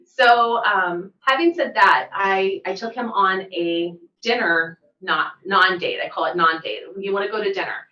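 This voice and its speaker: A middle-aged woman, a massage therapist and podcast co-host, telling stories in lively casual chat. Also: mid-range voice, measured pace, few pauses. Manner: animated storyteller, laughs easily. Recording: roomy, distant, dull mic sound.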